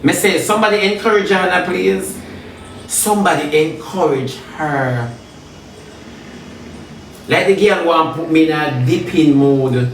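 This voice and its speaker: A Jamaican man delivers a combative, taunting rant and circles back to the same jabs over and over. His voice sits high for a man. The sound is roomy and distant, as if he stands well away from the mic. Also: normal speed, vocal fry, few pauses, slight background noise. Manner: combative, taunting, repeats phrases. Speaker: social media personality. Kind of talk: heated live rant.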